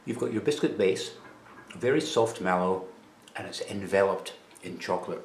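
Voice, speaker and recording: This vlogger from Scotland samples snacks while chatting casually to the camera with dry humor. His low voice moves at normal speed, captured in an echoey room with a faint hiss or hum.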